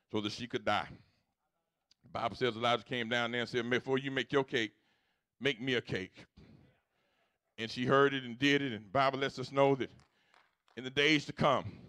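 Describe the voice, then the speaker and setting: A man preaching a sermon as pastor, moving from quiet storytelling to loud, repetitive exhortation. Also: medium pitch, no room sound, studio quality. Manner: swings from hushed storytelling to loud preaching, repeats phrases. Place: church sanctuary.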